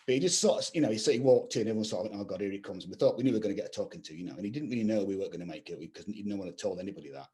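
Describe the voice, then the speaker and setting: A man's voice: lowish voice, lively intonation, very fast, hardly any pauses, a little mellow. A middle-aged man, a guest video game composer, rambling through anecdotes with lots of "you know" fillers in casual chat. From England.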